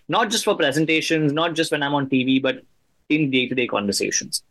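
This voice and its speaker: A man hosting an interview, speaking earnestly and a little haltingly as he sets up his questions. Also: fairly high pitch, creaky, fairly bright tone. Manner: earnest, a bit halting with restarts. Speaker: host. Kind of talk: interview host, conversational.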